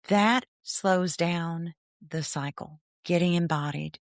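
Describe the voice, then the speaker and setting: A woman therapist guesting on a podcast, explaining ideas in an animated way, laughing often and acting out inner thoughts. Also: on the low side, a little slow, dry recording, clean studio sound.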